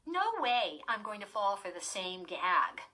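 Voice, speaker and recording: A woman's voice: medium pitch, sing-song, unhurried, sharp tone, heavily acted. A woman voicing a sarcastic twelve-year-old girl in a storybook reading, teasing her sister with a mocking tone.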